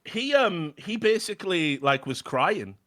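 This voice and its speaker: Animated British man telling a story. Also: high voice, measured pace. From Britain. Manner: animated, swears freely, stammers and restarts. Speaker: podcast guest. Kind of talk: casual storytelling chat.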